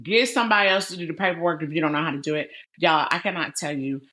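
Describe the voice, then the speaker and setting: A woman's voice: deep voice, quick pace, bright, forceful tone. A middle-aged woman hosting an interview podcast, talking animatedly and calling her listeners "y'all". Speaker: podcast host. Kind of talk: conversational interview.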